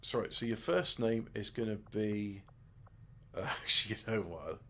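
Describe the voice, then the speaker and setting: Rambling low gravelly gamer man. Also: moderate pace, pushed and bright. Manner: rambling, joking and self-mocking; mutters asides to himself. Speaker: gaming video host. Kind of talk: let's-play commentary.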